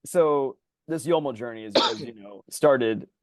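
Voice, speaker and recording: A man co-hosting a podcast in casual chat, rambling and animated, his voice jumping high when he gets excited. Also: measured pace, no room sound. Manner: rambling, animated storyteller full of fillers. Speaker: podcast co-host.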